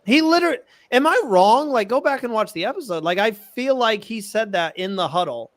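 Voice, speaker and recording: A man co-hosting a podcast, talking in a casual, excitable, animated way. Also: high voice, fairly quick, no room sound. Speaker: podcast co-host. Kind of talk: casual chat.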